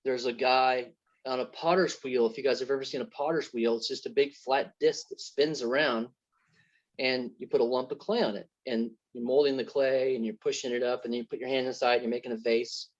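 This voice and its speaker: A man's voice: medium pitch, steady tone, a little fast. A man giving an earnest, faith-centred testimony as an interview guest, telling parables to make his points. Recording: dull lo-fi sound.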